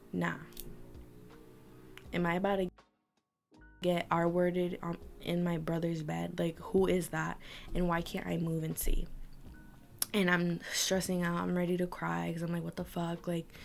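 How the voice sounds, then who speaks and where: Gravelly young woman telling a scary story. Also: lowish voice, darkish tone. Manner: tense, emotional, drops to whispers. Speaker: vlogger. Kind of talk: casual storytelling to camera. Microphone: camera mic.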